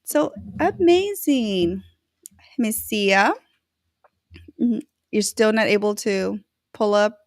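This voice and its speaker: A woman hosting a casual livestream, giving bubbly, effusive shout-outs to viewers. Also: medium pitch, little pitch movement, slow pace, pauses often, no echo, clean studio sound. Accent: Latina-flavored American English. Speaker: livestream host.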